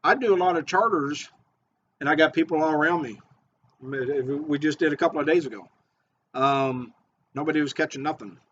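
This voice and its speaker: An excitable man walks through his fishing tips in a casual how-to video, repeating himself as he gets going. His voice sits slightly high for a man. The audio is dull and muffled. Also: normal speed, pauses often, slight background noise. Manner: excitable, repetitive, eager. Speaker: fishing bait maker and charter guide.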